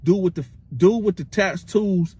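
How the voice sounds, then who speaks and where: A man's voice: high voice, measured pace, dark tone, breathy edge. A man telling a casual storytime tale in slangy speech, acting out the quotes and making sound effects with his voice.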